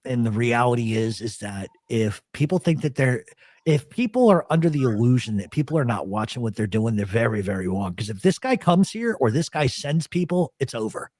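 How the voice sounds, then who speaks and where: A man hosting a radio show, telling animated, profane stories in casual chat. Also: mid-range voice, a little fast, no room sound, studio quality. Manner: animated, swears a lot.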